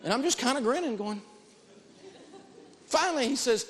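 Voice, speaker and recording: A man giving an animated talk on negotiating, telling personal stories and repeating key phrases for emphasis. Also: extremely high pitch, normal speed, pauses often, in a large hall, a crowd in the background. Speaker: financial speaker teaching negotiation.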